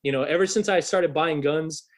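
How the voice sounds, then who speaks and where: A man in his thirties, a musician guest on a podcast, telling a story in a casual, swearing, animated way. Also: a little high, moderate pace. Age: 30s. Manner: swears freely, animated retelling.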